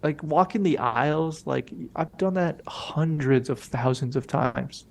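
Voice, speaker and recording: A man's voice: fairly high pitch, measured pace, vocal fry, a little mellow. A young man co-hosting a podcast, telling a rambling, profane story in casual slang and acting out the people he quotes. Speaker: podcast co-host.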